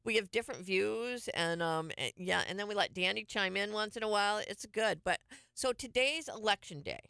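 A woman's voice: medium pitch, animated, moderate pace, gravelly, bright, forceful tone, smooth, no room sound, clean studio sound. A middle-aged woman hosting a casual radio show, telling stories in a chatty way and laughing often. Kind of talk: casual morning show chat.

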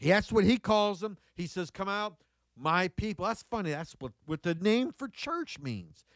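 A man's voice: high voice, expressive, a little slow, dry recording. A man preaching a sermon, reading Bible verses and breaking into folksy, conversational asides with exclamations, repeating key phrases for emphasis.

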